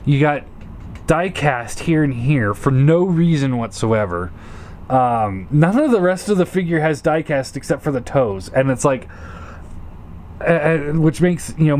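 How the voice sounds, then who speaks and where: A man's voice: a little high, lively intonation, moderate pace, a little mellow, slight background noise. A man giving a casual hands-on toy review, frustrated and swearing, often stammering and repeating himself.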